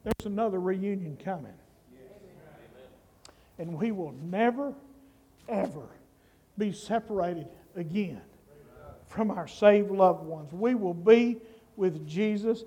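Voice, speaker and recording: A man preaching a sermon, slow and emphatic, building up to shouts. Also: sits high, expressive, slightly rough. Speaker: pastor.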